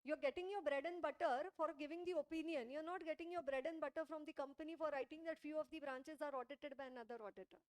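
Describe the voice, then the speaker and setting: A woman's voice: sits high, steady tone, quick pace, hardly any pauses. A woman with an Indian English accent giving a classroom audit lecture, often stopping to check whether students follow. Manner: checks understanding with frequent rhetorical questions.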